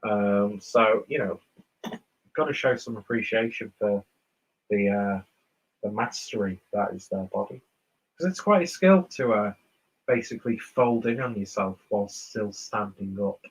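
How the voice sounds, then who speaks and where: A man with a low, husky voice and a posh southern English accent, hosting a relaxed livestream. He drifts between comments in a rambling, self-mocking way. His tone stays easygoing and chatty. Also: unhurried, rough recording. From northern England. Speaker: beer reviewer streaming host. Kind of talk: casual livestream chat, reading out viewer comments.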